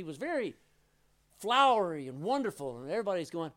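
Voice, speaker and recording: A middle-aged pastor with a high, somewhat bright voice preaches a little fast, his pitch swinging broadly. He narrates stories and gives quoted lines their own voices.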